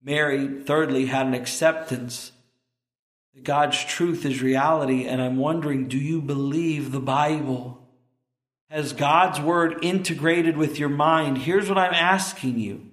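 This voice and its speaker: A man's voice: fairly high pitch, takes it slowly, echoey room. A man preaching a sermon to his congregation, earnestly asking them pointed questions and closing in prayer. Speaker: pastor. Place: church sanctuary.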